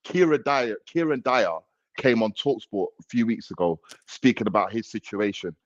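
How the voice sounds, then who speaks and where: A man's voice: fairly low pitch, normal speed, no room sound. A man in his thirties from South London with a South London accent, chatting as a guest on a stream in a slangy, earnest way. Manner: slangy, earnest, laid-back. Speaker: guest panelist. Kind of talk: casual chat. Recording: dull dry call audio.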